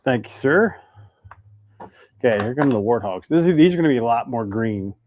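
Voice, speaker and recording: Guy chatting on a live stream while making fishing lures, reads comments out loud. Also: mid-range voice, lively intonation, normal speed, background noise. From Idaho, United States. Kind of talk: casual live stream chat.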